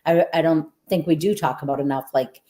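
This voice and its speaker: A woman's voice: sits low, brisk, warm tone. A woman who hosts a podcast and works as a coach, talking in an earnest, affirming and reflective way. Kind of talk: casual podcast conversation.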